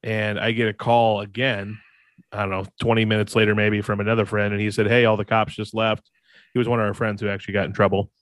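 Low-voiced man telling a story. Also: little pitch movement, quick pace, no room sound. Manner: rambling, laughs at own story. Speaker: podcast co-host. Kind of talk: casual storytelling.

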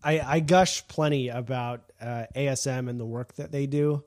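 Male podcast co-host, mid pitch, dry teasing asides, faint background noise. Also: steady tone, moderate pace, a little mellow. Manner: brief teasing interjections, dry humor. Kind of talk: casual chat.

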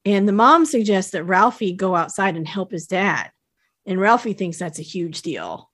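A woman co-hosting a casual podcast, retelling a film's plot in a relaxed way with many fillers. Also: medium pitch, moderate pace. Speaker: podcast co-host. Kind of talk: casual chat recapping a film.

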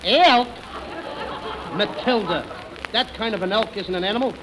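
A man's voice: high-pitched, measured pace, over a noisy crowd. A man playing a cheeky, whiny, wisecracking comic in a 1940s radio comedy, on a noisy old broadcast recording. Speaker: comedian, co-host.

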